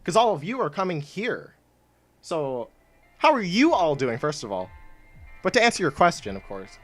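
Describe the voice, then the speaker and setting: A man's voice: on the high side, very animated, normal speed, faint music behind. A young man from Canada chatting casually on a game live stream, rambling and self-mocking, laughing often. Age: young adult.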